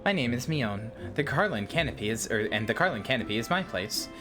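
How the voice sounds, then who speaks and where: A woman's voice: rumbling low, expressive, a little fast, over music. Woman reading as a courteous innkeeper woman. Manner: reads lines aloud, tripping over words.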